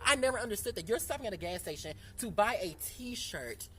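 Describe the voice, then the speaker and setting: A woman vlogger telling a story in a casual, animated and profane way, sitting outdoors. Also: medium pitch, fairly quick, slight background noise. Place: outdoors in sunlight.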